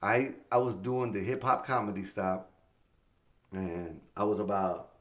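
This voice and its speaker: A man's voice: lowish voice, unhurried. A middle-aged man, a stand-up comedian guest, telling casual stories in an interview, acting out quoted voices and swearing freely. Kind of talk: casual storytelling in a podcast interview.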